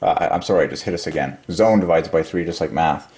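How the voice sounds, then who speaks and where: A man hosting a religious channel, rambling through a numerology monologue, excitable and giggly, then dropping to low quiet mumbling while he counts. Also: fast talker. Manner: giggly, excitable, breaks into high laughs. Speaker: religious YouTube channel host.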